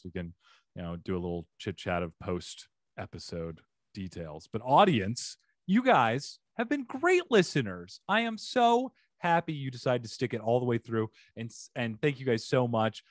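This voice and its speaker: A man's voice: mid-range voice, dry recording. Chatty guy hosting a comedy advice podcast, upbeat, dry close sound. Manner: upbeat, animated sign-off patter. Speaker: podcast host. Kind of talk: casual podcast chat.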